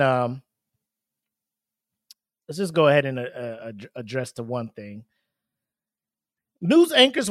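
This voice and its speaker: A man's voice: on the high side, no room sound, clean studio sound. A man hosting a podcast alone, talking casually and rambling, with lots of swearing, fillers and laughter. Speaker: podcast host. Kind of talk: casual solo podcast commentary.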